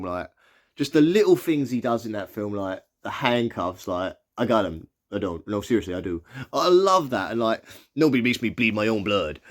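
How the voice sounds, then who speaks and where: A man chatting casually as he reads out film listings and gives his quick opinion on each. His voice is lively, swinging up and down in pitch as he talks. He stumbles a little when reading text aloud, then carries on in an easy, conversational way. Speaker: movie vlogger. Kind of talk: casual reaction commentary.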